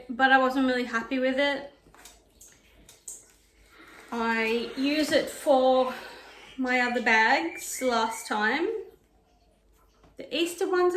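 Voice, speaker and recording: A woman's voice: sits high, slow pace, pauses often, a bit bright, slight background noise. A woman vlogging about knitting and sewing, telling a story in a chatty, digressive way while ironing at home. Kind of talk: casual chat. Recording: echoey room.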